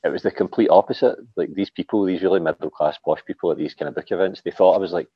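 Husky low-voiced Glaswegian man. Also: quick pace, dry recording, highs cut off. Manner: casual, swears freely, frequent "like" and "aye". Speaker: guest author. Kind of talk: casual podcast interview.

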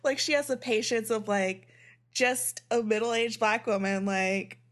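A woman's voice: a little high, steady tone, a little slow. A woman co-hosting a casual book chat, retelling scenes with many "likes" and frequent giggles. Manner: filler-heavy, giggly retelling. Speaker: podcast co-host.

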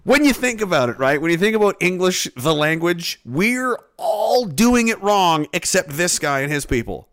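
A man's voice: high voice, expressive, moderate pace, few pauses, a bit bright. A man hosting a reaction video, rambling and joking with casual profanity.

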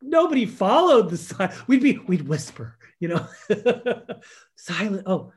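Storytelling man, higher-pitched voice. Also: big pitch swings, unhurried, slightly rough. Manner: storytelling, acts out quotes, trails off softly. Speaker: guest. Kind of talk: conversational podcast interview.

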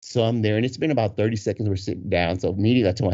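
A man telling a casual story with animated energy, laughing often and acting out the voices of the people in it. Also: lowish voice, rapid-fire, few pauses. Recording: dull lo-fi recording.

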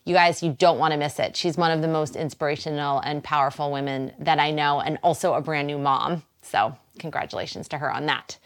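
A woman's voice: sits low, steady tone, fairly quick, hardly any pauses. A woman from Boston with a Boston accent, hosting a wellness show in a chatty, encouraging way and laughing easily. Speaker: host. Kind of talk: casual wellness talk to camera.

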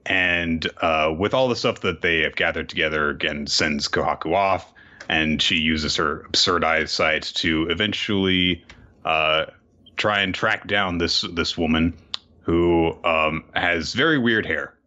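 Deep-voiced man on a dull mic. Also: measured pace, sharp tone. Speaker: podcast co-host. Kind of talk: casual chat recapping a comic.

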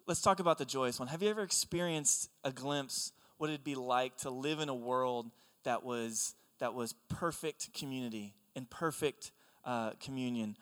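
A young man preaching a sermon, telling stories in an animated, conversational way. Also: mid-range voice. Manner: animated storytelling, excitable and conversational. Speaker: pastor. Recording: long hall reverb.

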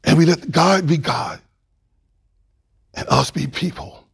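A male pastor preaching a sermon with animated preaching that drops to a hush. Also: a little high, slow, creaky, husky.

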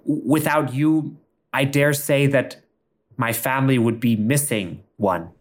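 A man voicing an earnest, loyal friend who speaks in a low, solemn, heartfelt way. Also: unhurried, lightly acted.

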